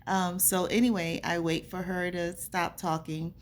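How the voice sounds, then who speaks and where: A woman's voice: on the low side, little pitch movement, unhurried, a little hiss or hum. A woman vlogger telling a personal story to camera in an earnest, conversational way. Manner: earnest, conversational, acts out remembered dialogue.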